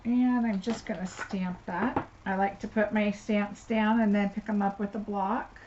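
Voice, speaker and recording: A woman's voice: medium pitch, fairly even intonation, measured pace. A woman giving a live card-making tutorial, chatting and thinking aloud as she works at her desk. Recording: slightly dull audio with faint noise.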